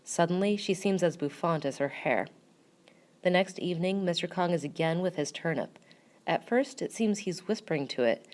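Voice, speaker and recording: Low-voiced woman reading a first-person story. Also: moderate pace, a little mellow. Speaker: narrator.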